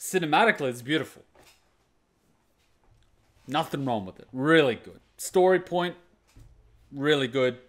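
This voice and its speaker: A man's voice: on the high side, animated, a little slow, pauses often, fairly bright tone. A man hosting a reaction video, talking casually and earnestly about an episode in short repeated phrases.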